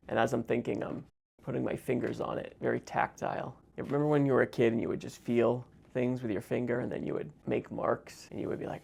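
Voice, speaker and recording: Gravelly sarcastic man chatting while drawing. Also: medium pitch, steady tone, a little fast, darkish tone. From United States. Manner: sarcastic, jokey, talks to himself. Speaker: visual artist. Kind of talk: stream-of-consciousness drawing vlog.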